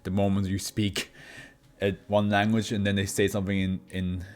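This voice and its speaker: A man's voice: on the low side, flat delivery, moderate pace, darkish tone. A man from Switzerland, a Swiss German native speaker, reads horror fiction files aloud and breaks off into rambling chat, laughing often. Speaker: channel host. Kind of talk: reading horror fiction files with chatty asides.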